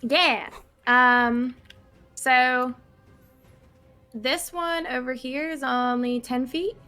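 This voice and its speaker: A woman's voice: high voice, very slow, pushed and bright, soft background music. A woman playing a tabletop game who talks casually and laughs easily. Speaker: player.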